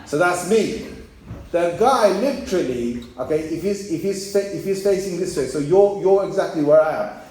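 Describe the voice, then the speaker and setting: A man's voice: fairly high pitch, expressive, moderate pace, a little mellow. A man preaching a sermon, telling a story and acting out the voices of the people in it, speaking straight to young men in the audience. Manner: storytelling, acts out quoted voices, addresses young men directly. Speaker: Islamic preacher. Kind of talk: sermon with anecdote. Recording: very echoey hall with faint noise.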